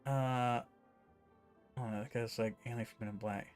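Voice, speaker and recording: A man's voice: mid-range voice, steady tone, measured pace, a little mellow, soft background music. A man streaming a horror game, chatting casually and joking about his own voices. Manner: chatty, self-mocking, reads on-screen text aloud. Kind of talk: casual gameplay commentary.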